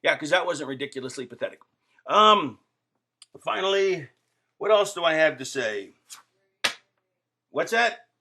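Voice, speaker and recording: A man's voice: fairly high pitch, expressive, unhurried, pauses often, bright, forceful tone. Rambling jokey man vlogging to camera. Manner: rambling, jokey, full of fillers and asides. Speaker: wrestler vlogging to fans. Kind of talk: rambling casual vlog. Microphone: camera facing the speaker.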